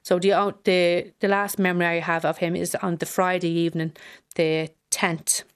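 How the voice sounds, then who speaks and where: A middle-aged Irish woman, a bereaved mother, giving halting personal testimony that repeats phrases as she relives a hard day. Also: lowish voice, flat delivery, smooth.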